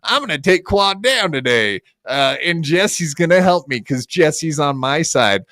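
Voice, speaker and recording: A man hosting a podcast in loose, casual chat. He talks a little above the usual male pitch and rants in a profane, mocking way. The mic sound is close and dry, with no room around it. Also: very animated, a little slow, pushed and bright, no room sound. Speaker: podcast host.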